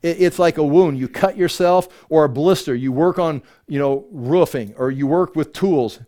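A man's voice: a little high, normal speed, dark tone. An older man preaching a conversational sermon, often restarting his sentences and acting out self-pitying voices.

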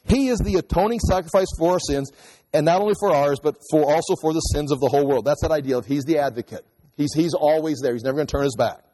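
A man with a high-pitched voice delivers a sermon, walking through scripture in a loose, conversational way with quick asides. His voice rings with a long reverb, as if in a large hall. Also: mellow. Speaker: pastor.

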